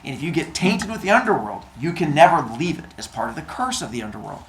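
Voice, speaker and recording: A man's voice: on the high side, sing-song, fast, a little hiss or hum. A bossy, self-centered god king whines in slangy, casual speech, as a man acts him out. The voice swings up and down a lot. It rings through an echoey classroom. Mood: reassuring. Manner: whiny, casual modern talk.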